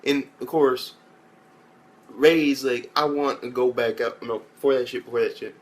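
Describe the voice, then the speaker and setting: A man's voice: mid-range voice, steady tone, unhurried. A young man giving a loose, rambling spoken recap as an anime reviewer, swearing often and mimicking characters in raised voices. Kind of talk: casual profane recap.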